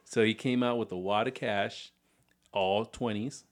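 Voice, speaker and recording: A man with a low voice tells a story on a laid-back podcast. He rambles through it one "so" at a time, with a relaxed, easy delivery. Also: a little slow. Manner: relaxed, rambling retelling with restarts and "so". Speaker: podcast co-host.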